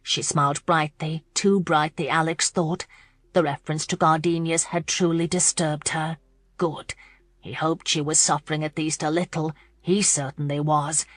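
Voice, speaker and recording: A woman reads a romance audiobook in a measured, expressive voice, pitched on the low side. The sound is close and dry, with no room around it. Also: dry recording. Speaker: audiobook narrator. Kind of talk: scripted romance narration.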